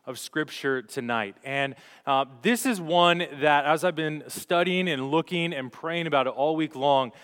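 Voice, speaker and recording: A man's voice: a little high, a bit bright. A young man preaching a sermon as pastor, telling stories earnestly with rising and falling emphasis. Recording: long hall reverb.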